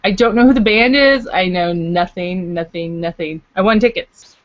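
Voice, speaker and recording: A woman's voice: fairly low pitch, normal speed. Chatty canadian woman vlogging at home, rambly and jokey, dull lo-fi sound. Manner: chatty and rambling, with fillers and playful asides. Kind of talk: casual chat to camera. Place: at home in Los Angeles.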